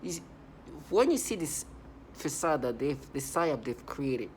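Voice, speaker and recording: Woman vlogger, deep voice, agitated rambling monologue with constant restarts. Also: very animated, measured pace, a little mellow, slight background noise. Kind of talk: casual monologue to camera.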